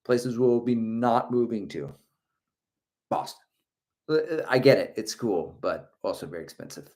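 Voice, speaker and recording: A man's voice: mid-range voice, animated, moderate pace, darkish tone. A middle-aged man hosting a running livestream, reading viewer comments aloud in a chatty, joking way and laughing often. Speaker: running channel host.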